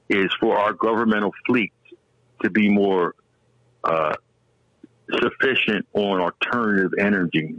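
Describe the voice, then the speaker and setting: Excitable rambling man. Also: low-pitched, dry recording, muffled recording. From American South. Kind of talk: casual chat.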